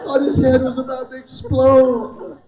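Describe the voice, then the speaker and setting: Speaking a little slowly in a very high voice, a man in his fifties gives a stand-up set at a church event, animatedly acting out quoted dialogue from his stories. A faint crowd can be heard in the large hall where the live audience sits. The audio is roomy, distant and dull.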